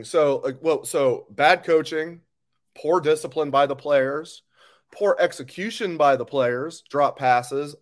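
A man hosting a live sports talk stream, ranting angrily and bluntly, with swearing, as he reads viewer comments. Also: medium pitch. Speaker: sports show host.

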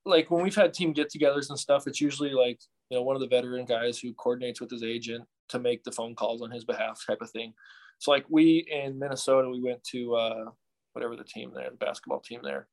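A young man, a baseball pitcher, chatting casually and acting out other people's voices as he tells stories. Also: fast talker. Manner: animated storyteller, acts out fans' voices. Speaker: professional baseball pitcher guest. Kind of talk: casual podcast chat.

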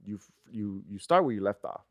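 A man's voice: lowish voice, lively intonation, fairly quick, dry recording, clean studio sound. A young man in casual chat who asks probing questions and acts out what his friends say.

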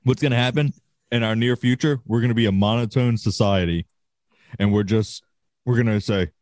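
A man's voice: medium pitch, normal speed, a little mellow, no room sound, clean studio sound. A man co-hosting a casual podcast, sarcastic and ranting with plenty of swearing. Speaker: podcast co-host.

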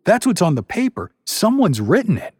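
A man's voice: high-pitched, wildly swooping pitch, husky, no room sound, studio quality, voice pushed up, full character voice. A man doing an earnest young man, raised voice. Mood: distressed. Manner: earnest, halting. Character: young man reading out party oracle papers.

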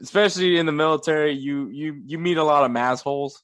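A man's voice: on the high side, fairly even intonation, quick pace, fairly bright tone, dry recording. A man hosting a casual sports podcast, laughing often and poking fun at himself. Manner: laughs often, self-mocking. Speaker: podcast host.

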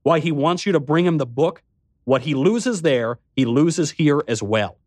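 A man's voice: fairly high pitch, expressive, a little slow, a little mellow, dry recording, clean studio sound, voice pushed up. A man voicing an irritable, evasive old tycoon who mutters his lines in an audiobook. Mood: scheming. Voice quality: muttering, testy.

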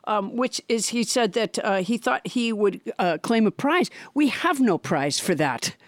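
A woman's voice: mid-range voice, expressive, a little slow, no echo, studio quality. A middle-aged woman comedian hosting her podcast, rambling playfully and joking.

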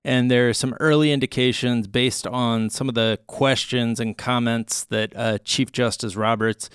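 A man in his thirties co-hosting a casual news podcast, laying out each topic at an easy pace with plenty of "uh" pauses. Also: mid-range voice, clear, resonant tone, no room sound, clean studio sound. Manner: relaxed, lays out topics with frequent "uh" pauses. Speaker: podcast co-host.

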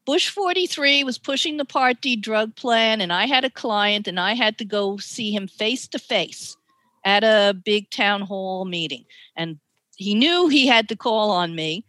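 Bright, chatty New York woman. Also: medium pitch, unhurried, dry recording. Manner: animated storytelling, chatty, laughs often. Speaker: ghostwriter guest. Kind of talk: podcast interview.

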